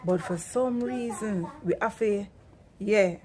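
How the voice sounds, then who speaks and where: A young adult woman with a Jamaican accent, teaching Jamaican words in a casual, animated chat and laughing often. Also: mid-range voice, takes it slowly, a little hiss or hum. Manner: animated, laughs often, acts out loud commands. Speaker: vlogger.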